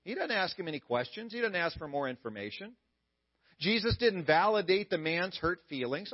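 A man's voice: high voice, very animated, normal speed, breathy edge, muffled recording. A male pastor preaching a sermon at a church service in a conversational way, with playful asides to the congregation.

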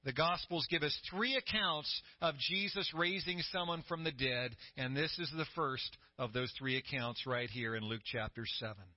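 A middle-aged man preaching a sermon as pastor, telling the story with growing excitement and a voice that climbs high. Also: moderate pace, hardly any pauses, no echo. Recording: dry, slightly dull sound.

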